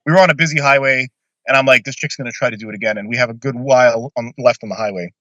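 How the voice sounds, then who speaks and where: A man's voice: medium pitch, racing, sharp tone, no room sound, dull audio. A man casually telling a long personal story on a podcast, blunt and swearing freely.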